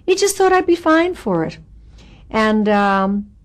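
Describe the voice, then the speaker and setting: A woman in her seventies, an actress being interviewed, recalling her career in a candid, wry way with lively asides. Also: fairly high pitch, slow pace. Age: 70s. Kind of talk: reminiscing interview.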